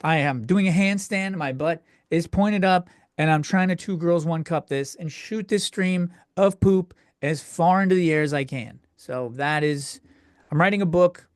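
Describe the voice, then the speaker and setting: A young man rants crudely through his solo comedy podcast, fumbling and restarting as he gets worked up. His voice sits a bit high for a man. He is recorded close and dry at home. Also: moderate pace, no echo. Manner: crude, exasperated ranting with frequent self-interruptions. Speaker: podcast host.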